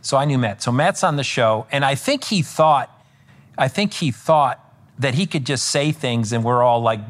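A man speaking as a political commentator guest on a podcast, rambling with frequent restarts and self-corrections, and animated when he recounts exchanges. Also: mid-range voice, moderate pace. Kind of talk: conversational podcast interview.

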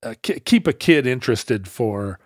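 Casting: middle-aged man, lively storyteller, dry close sound, mid pitch. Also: normal speed, no room sound. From Seattle area. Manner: animated, acts out loud brash characters in his anecdotes. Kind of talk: casual storytelling chat.

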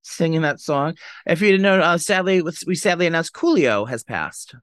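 A man's voice: a little high, lively intonation, a bit bright, clean tone, no room sound, studio quality. A man co-hosting a podcast, chatting casually in a gossipy, dramatic way. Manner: gossipy, dramatic, quick-talking. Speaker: podcast co-host. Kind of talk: casual chat.

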